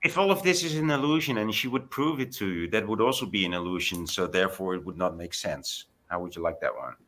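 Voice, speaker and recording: A man's voice: sits low, fast talker, fairly bright tone, poor audio. A man in a casual discussion who muses in a rambling, philosophical way. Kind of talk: casual chat.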